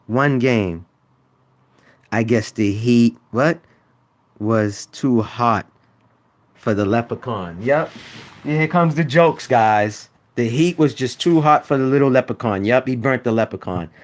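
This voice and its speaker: A man's voice: medium pitch, a little mellow. A man trash-talking rival sports fans on a live stream, teasing and repeating himself for emphasis. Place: home room.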